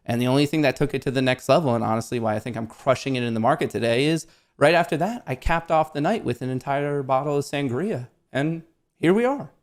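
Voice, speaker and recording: A man hosting a show, telling a comedic personal story in a casual, self-mocking way, often jumping high in pitch for emphasis and swearing freely. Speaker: host of a stock market show.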